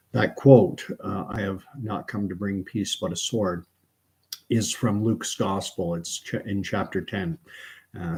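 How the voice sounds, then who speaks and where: A Canadian man hosting a late-night livestream from home, reading his written thoughts aloud in an unhurried way, with frequent fillers and restarts. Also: on the low side, darkish tone, breathy edge. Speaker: channel host.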